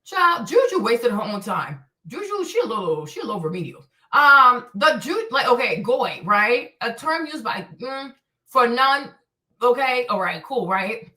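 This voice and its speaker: A woman hosting her own stream, talking in an animated, blunt way with plenty of profanity and repetition. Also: fairly high pitch, a little slow. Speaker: show host. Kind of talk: livestream commentary rant. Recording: echoey room, distant from mic.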